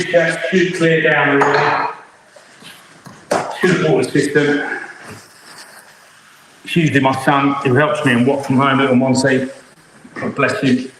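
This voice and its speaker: A man's voice: on the high side, fairly bright tone. Chatty male chef in an echoey kitchen. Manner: chatty, upbeat, talks while cooking. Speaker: chef hosting a cookalong. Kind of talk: live online cooking demonstration. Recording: very echoey room, faint noise.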